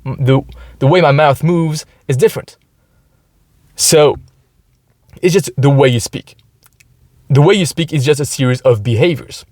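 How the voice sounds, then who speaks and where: A man chats through a casual podcast monologue from his car. His voice sits at an ordinary middle pitch and sounds close and dry, with no room echo. He keeps tagging "right?" onto his sentences and stumbles into frequent restarts. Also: normal speed, long pauses, darkish tone. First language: French. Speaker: podcast host. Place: inside his parked car.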